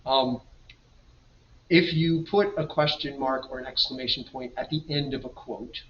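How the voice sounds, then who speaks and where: A man's voice: mid-range voice, steady tone, unhurried, slight background noise. A man teaching a grammar lesson over a slideshow, explaining patiently and reading example sentences aloud. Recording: dull, roomy, mic at a distance.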